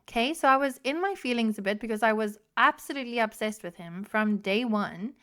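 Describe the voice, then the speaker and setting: Smooth-voiced woman podcaster, frank and swearing. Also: on the high side, a little fast, fairly bright tone. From South Africa. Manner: frank, self-mocking, swears freely. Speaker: podcast host. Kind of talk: candid solo podcast storytelling.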